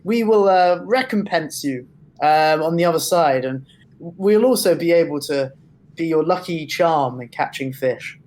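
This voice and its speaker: Brief: a slow, unhurried, hesitant tabletop player, playful and halting. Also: medium pitch, animated, a little mellow. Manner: hesitant, filler-heavy, playful. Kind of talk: casual tabletop play.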